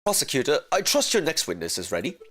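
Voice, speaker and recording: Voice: mid-range voice, huge pitch swings, fast, fairly bright tone, husky, full character voice. A streamer voicing a stern, formal judge in an animal courtroom game.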